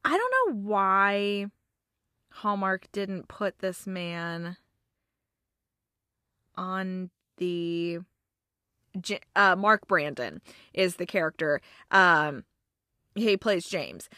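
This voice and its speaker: Chatty young woman reviewer, bright crisp voice, dry close sound, lots of "like" and "um". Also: lowish voice, very animated, very slow, pauses often, dry recording. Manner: chatty, filler-heavy, emotional. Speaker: movie reviewer. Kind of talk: casual movie recap.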